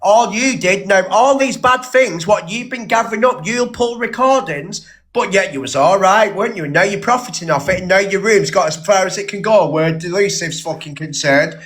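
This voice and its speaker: A man's voice: high voice, normal speed, few pauses, a bit bright. A man, angrily accusing someone in a live-stream argument. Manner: angry, accusing.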